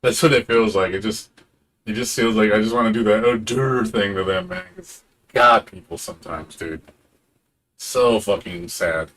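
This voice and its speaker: A man's voice: fairly low pitch, expressive, normal speed, fairly bright tone, slight background noise. A man streaming a game, ranting in a casual, profane and sarcastic way, now and then mocking other people in put-on voices.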